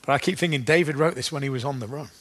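A man preaching a sermon at an everyday, middle pitch. He talks in a loose, conversational way, with ums and restarts, and slows down to read scripture. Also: a bit bright. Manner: conversational, with fillers and restarts, slowing for scripture readings.

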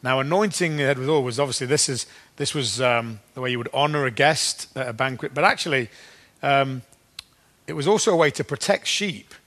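A man giving a sermon in a conversational way, often restarting his sentences and slowing down to read scripture. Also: medium pitch, fairly bright tone. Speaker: preacher.

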